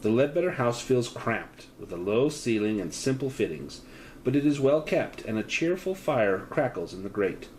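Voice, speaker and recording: A man's voice: moderate pace, a little hiss or hum, low-quality recording. A man running a solo tabletop horror game, narrating the scene in detail and offering choices to a player. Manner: descriptive, with lively pitch, offering choices. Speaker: game master.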